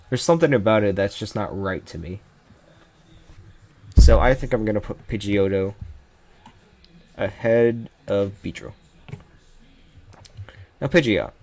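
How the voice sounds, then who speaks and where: A man giving casual, jokey commentary while ranking game characters, often trailing off mid-sentence. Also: medium pitch. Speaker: YouTuber ranking Pokémon.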